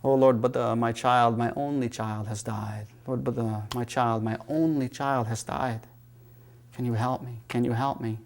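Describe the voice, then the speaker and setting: A man voicing a grief-stricken mother who quietly pleads for help for her dead child. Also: mid-range voice, flat delivery, moderate pace, creaky, few pauses, a little hiss or hum, lightly acted. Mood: pleading.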